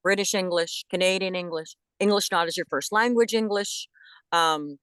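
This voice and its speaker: A woman who is a voice actress, chatting as a guest in an interview with enthusiastic, animated talk and frequent restarts. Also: fairly low pitch, moderate pace, clean tone, no echo. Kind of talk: casual interview chat.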